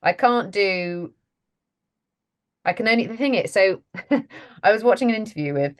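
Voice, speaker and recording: A woman's voice: mid-range voice, animated, measured pace. A woman, a voice actress chatting casually as an interview guest, laughing often and self-deprecating.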